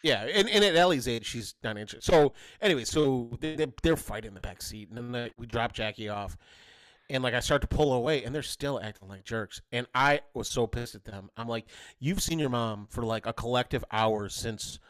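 A man in his thirties, a podcast co-host, telling a story in casual chat and jumping into high voices to quote his kids. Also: fairly quick, dry recording. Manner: animated, jumps to high voices when quoting his kids.

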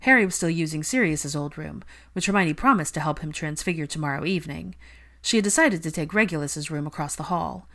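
A woman reading fan fiction aloud in a steady, calm narration. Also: low-pitched, brisk. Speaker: reader.

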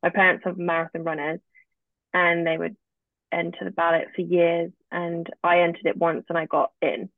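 A woman's voice: lowish voice, little pitch movement, normal speed, no echo. A woman, a guest telling her own story casually and often acting out what she said back then. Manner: chatty, often acts out her own past remarks. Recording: dry, tinny phone-like line.

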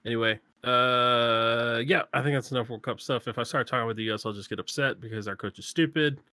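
A man in a casual chat, opinionated and quick to laugh. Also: mid-range voice, pushed and bright, no room sound. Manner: chatty, opinionated, laughs often.

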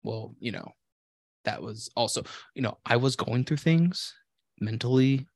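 A man's voice: medium pitch, unhurried, dry recording. A man co-hosting a casual podcast chat, swearing often and mimicking his friend in a raised voice. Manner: loud swearing outbursts, mocking quotes in raised voice. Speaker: podcast co-host.

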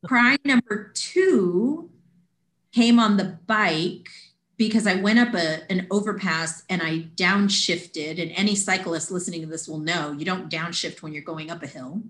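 Woman, animated storyteller, podcast guest, echoey room. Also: on the low side, unhurried. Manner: animated, acts out quoted voices. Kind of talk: casual storytelling. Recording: roomy echo.

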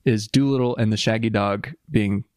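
A man co-hosting a casual podcast, reading quotes aloud and chatting with dry, deadpan humor. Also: fairly low pitch, moderate pace, smooth, no room sound. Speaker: podcast co-host.

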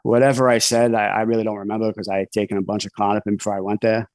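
A man recounts his past in a relaxed, candid podcast interview. His voice sits fairly low, and he talks in loose, chatty runs full of fillers and restarts. The sound is close and dry, with no room echo. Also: very fast. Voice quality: conversational, frequent "you know" fillers and restarts. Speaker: podcast guest, author in long-term recovery. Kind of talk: candid storytelling in a casual interview.

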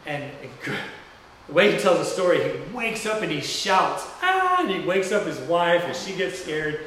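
A man's voice: a little high, normal speed, fairly bright tone, a little hiss or hum. Pastor guy preaching, chatty rambling story, super echoey church, mic kinda far off. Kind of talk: sermon. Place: church sanctuary. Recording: very echoey room heard from a distance.

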